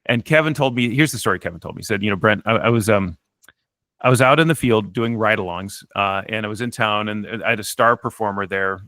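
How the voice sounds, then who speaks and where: Fast-talking man telling a lively story. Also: lowish voice, dry recording. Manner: animated, acts out quotes, frequent restarts. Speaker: author and guest. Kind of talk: conversational interview storytelling.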